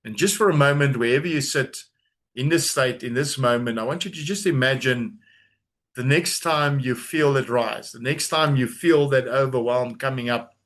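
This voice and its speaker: A man leading a guided grounding exercise on a video call, giving slow, calm, soothing instructions with long pauses. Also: mid-range voice. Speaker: trauma coach leading a webinar.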